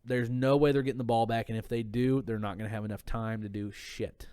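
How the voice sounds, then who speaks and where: A man's voice: medium pitch, fairly even intonation, brisk, warm tone, smooth, dry recording. A man talking casually on a podcast, telling a heated, profane story and sounding a little tipsy. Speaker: podcast guest. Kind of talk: casual drunk podcast chat.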